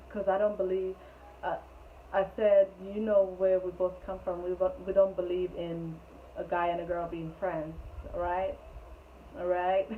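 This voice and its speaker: A young woman chatting through a rambling storytime, laughing often as she tells it. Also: fairly low pitch. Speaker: storytelling vlogger. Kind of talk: casual storytime. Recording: tinny phone-like sound with faint noise.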